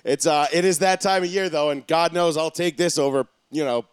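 Young male sports radio host, joking and profane, slightly high voice, dry close mic. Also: a little fast, clean tone, no echo. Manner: loose, joking, swears freely. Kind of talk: casual sports radio chat.

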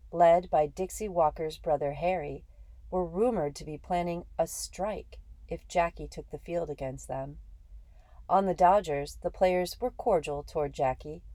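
Woman narrator, low and mellow, dry close recording; earnest first-person storybook reading. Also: dry recording, rough recording. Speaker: audiobook reader.

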